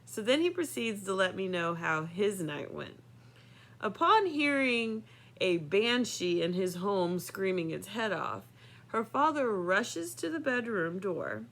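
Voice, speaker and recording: A woman in her thirties tells a story from her own life, casual and rambling. She leans on fillers and keeps breaking into laughter. Her voice sits at an ordinary middle pitch. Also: fairly bright tone. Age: 30s. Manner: chatty, filler-heavy, laughing often. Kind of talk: personal storytelling.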